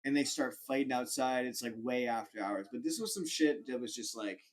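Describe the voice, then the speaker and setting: A man's voice: mid-range voice, brisk. A young man on a casual podcast, telling a rambling, slangy story full of "like". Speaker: podcast co-host.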